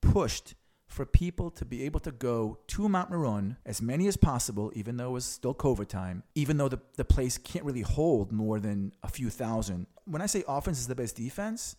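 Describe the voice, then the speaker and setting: A man's voice: medium pitch, lively intonation, normal speed, warm tone. A man giving opinionated political commentary, explaining things frankly to the audience with a sarcastic edge.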